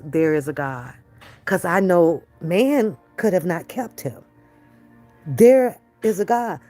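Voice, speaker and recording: A woman's voice: low-pitched, darkish tone. Blunt, fiery grandmother streaming. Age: older. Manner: blunt, fiery trash talk with profanity; switches to doting baby talk with a toddler. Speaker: reaction channel host. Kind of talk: casual livestream commentary.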